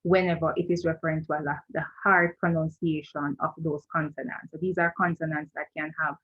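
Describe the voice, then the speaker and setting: A woman's voice: low voice, little pitch movement, brisk, phone-quality sound. A woman teaching a screen-share lesson, patient and repetitive, often checking in with "right?". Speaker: language teacher.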